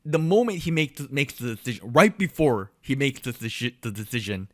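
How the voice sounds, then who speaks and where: A young man on a podcast tells a long, rambling story with a lively, swooping voice. He stops to restart his sentences and acts out what other people said. He is recorded close to the mic in a dry, dead room. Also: mid-range voice, fairly quick, dry recording. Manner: animated, many fillers and restarts, acts out quotes. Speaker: podcast co-host. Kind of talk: casual storytelling chat.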